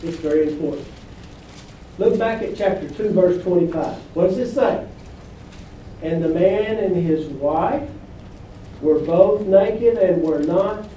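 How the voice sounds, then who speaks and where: Male pastor, high, mellow voice, slow deliberate delivery, distant echoey church hall. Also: a little hiss or hum. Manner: emphatic, call-and-response preaching. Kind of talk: sermon. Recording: echoey room from far off.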